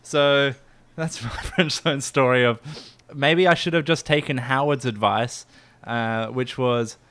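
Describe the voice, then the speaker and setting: A man's voice: medium pitch, unhurried, fairly bright tone, slight background noise. A man hosting a casual comedy podcast, telling rambling stories with frequent giggles. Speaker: podcast host.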